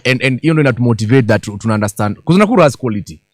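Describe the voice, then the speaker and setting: Rapid-fire male guest from Kenya, dry radio studio sound. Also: mid-range voice, lively intonation, no echo. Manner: fast and repetitive, mixes Swahili with English. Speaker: entertainment guest. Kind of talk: casual radio interview chat.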